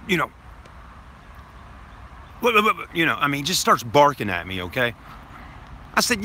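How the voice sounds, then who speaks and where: A man's voice: mid-range voice, very animated, normal speed, long pauses, bright, forceful tone, slight background noise. A man telling a story to his live stream viewers in a casual, rambling way, repeating himself, swearing now and then, and addressing them as folks.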